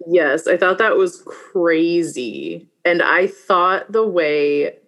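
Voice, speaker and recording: A woman with a fairly low-pitched voice co-hosts a relaxed podcast conversation. She is wry, laughs easily, and retells scenes with enthusiasm. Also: slow. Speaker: podcast co-host. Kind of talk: casual chat.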